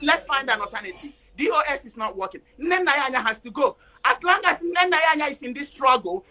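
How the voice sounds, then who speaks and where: A woman calling in to a talk show, speaking angrily and building to shouting, close to tears. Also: high-pitched, poor audio. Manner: angry, rising to shouting and near tears. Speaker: caller. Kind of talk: impassioned call-in rant.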